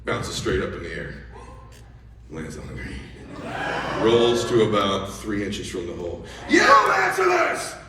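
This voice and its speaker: A middle-aged man telling a story as a motivational speaker, animated and excitable, with casual profanity. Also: low voice, a little slow, pauses often, noisy background. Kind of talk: energetic storytelling speech. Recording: echoey hall, voice from far off.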